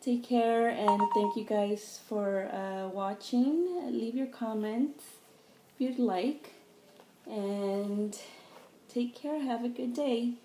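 A woman talks slowly through a craft unboxing, gushing and easily delighted. Her voice is mellow and unhurried. The room echoes around her. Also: a little high. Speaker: craft vlogger. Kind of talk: casual unboxing chat. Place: home room. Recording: echoey room, faint background noise.

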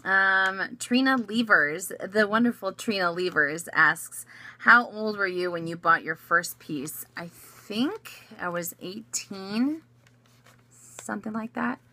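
A woman's voice: mid-range voice, takes it slowly, bright, forceful tone. A woman in her thirties chatting casually as a vlogger, answering viewer questions with a giggly, rambling manner full of fillers and restarts. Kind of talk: casual chat.

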